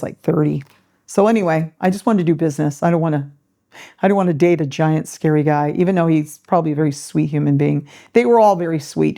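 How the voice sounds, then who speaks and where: A woman's voice: fairly low pitch, gravelly, warm tone. A middle-aged woman hosting a podcast, telling a story in a casual way, acting out the voices she quotes and laughing often. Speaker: podcast host.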